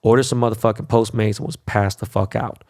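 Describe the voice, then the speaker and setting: A man's voice: lowish voice, steady tone, brisk, a little mellow, dry recording, clean studio sound. A man hosting a podcast in a loose, profane, boastful storytelling monologue full of fillers. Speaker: podcast host. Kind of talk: casual solo podcast monologue.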